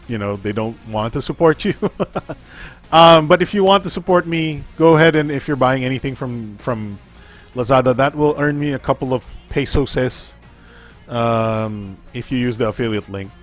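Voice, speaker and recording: A man's voice: mid-range voice, moderate pace, highs cut off, soft background music. A man hosting a casual tech livestream, rambling with frequent ums, restarts and trailing-off sentences.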